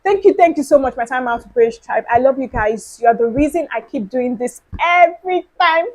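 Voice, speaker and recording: Fairly high-pitched and warm, this woman's brisk voice comes through a rough recording. Hosting her podcast solo, she speaks casually and earnestly, circling back to her points to stress them.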